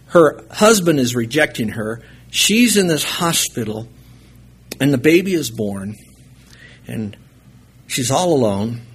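Husky man preaching a lively sermon story. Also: mid-range voice. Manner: animated storyteller acting out voices.

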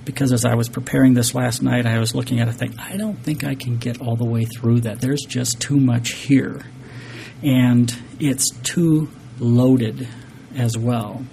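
A man's voice: medium pitch, fairly even intonation, unhurried, creaky, dark tone, slight background noise. A man preaching a sermon, earnest and emphatic, reading scripture and explaining it to a congregation. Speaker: pastor.

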